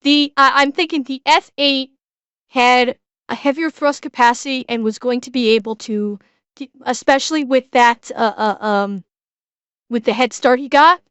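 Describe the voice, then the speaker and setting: A woman streamer chatting casually as she reacts, excitable and swearing freely, often restarting her sentences. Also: sits high, normal speed, clear, resonant tone, no room sound.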